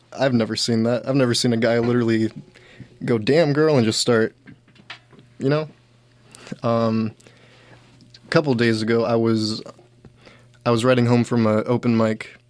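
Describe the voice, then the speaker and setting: A man's voice: mid-range voice, dry recording. Rambling young man telling stories. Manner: rambling, filler-heavy, quoting others in raised voices. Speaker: comedian host. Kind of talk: casual storytelling monologue.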